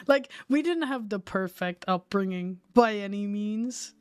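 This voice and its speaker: A woman's voice: medium pitch, lively intonation, unhurried, darkish tone, clear, resonant tone, dry recording. A young woman chatting casually, blunt and sweary, often laughing. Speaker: co-host. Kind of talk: casual chat. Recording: faint music behind.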